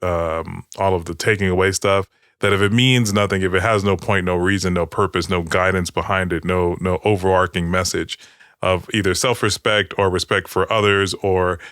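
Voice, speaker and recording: A man co-hosting a podcast talks in a loose, rambling way, restarting his sentences and swearing often. His voice sits low. It is recorded close and dry. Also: fairly even intonation, normal speed, fairly bright tone, clear, resonant tone, no echo. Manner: rambling, with many restarts and profanity. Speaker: podcast co-host. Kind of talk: casual chat.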